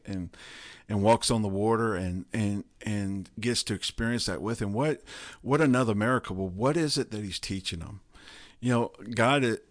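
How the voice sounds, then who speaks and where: Low-voiced man musing on Scripture. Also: no room sound, clean studio sound. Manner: rambling, repeats words as he thinks aloud. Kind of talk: casual Bible discussion.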